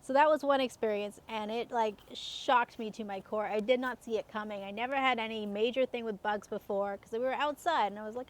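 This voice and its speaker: A woman's voice: on the high side, a little fast. A woman in her thirties telling personal stories in a casual, chatty way, laughing often and using many fillers. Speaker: self-help coach.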